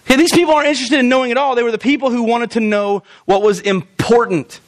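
A male pastor preaching a sermon in a church, animated and often acting out quoted voices. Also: very high voice, fast talker, dry recording.

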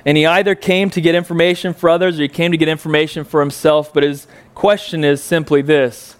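Brief: male pastor, slightly high voice, relaxed folksy sermon delivery with joking asides. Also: fairly quick, smooth. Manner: folksy, joking asides, frequent ums and uhs. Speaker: preacher. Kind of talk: conversational sermon.

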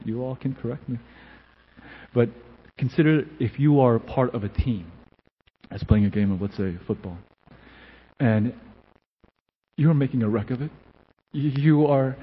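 A man preaching a sermon in an earnest, emphatic way with a husky voice. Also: medium pitch, dull audio. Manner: earnest, building to emphatic then settling quiet.

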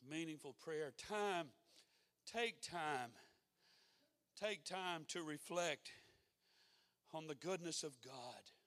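A man's voice: on the high side, slow pace, pauses often, fairly bright tone. A man preaching a sermon in a folksy, conversational way that rises to fervent exhortation.

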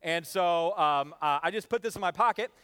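A male pastor preaching a lively sermon, leading the congregation in repeated phrases and often filling pauses with "uh". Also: sits high, smooth. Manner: energetic, calls for responses from the congregation; frequent "uh" fillers.

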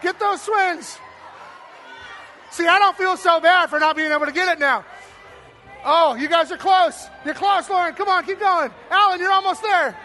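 A man with a strikingly high, bright and forceful voice hosts a game on stage for a church crowd. He talks to the audience with lots of energy, shouting cheers and countdowns and slipping in playful jokes. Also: unhurried. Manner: playful, joking asides. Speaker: church game host and speaker. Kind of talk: live stage talk to an audience.

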